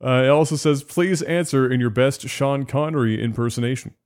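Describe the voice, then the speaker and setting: A man hosts a podcast in easygoing casual chat, his pitch sitting in an ordinary middle register. He reads listener pledges and questions aloud in a relaxed, unhurried way. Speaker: podcast host.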